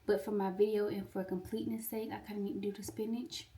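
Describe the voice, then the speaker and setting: A woman's voice: medium pitch, little pitch movement, quick pace, dark tone. Young woman chatting from across her kitchen. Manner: chatty, talks straight to viewers as "y'all". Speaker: pharmacy student vlogger. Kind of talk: casual chat. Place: home kitchen, cooking. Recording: voice a bit far from the mic.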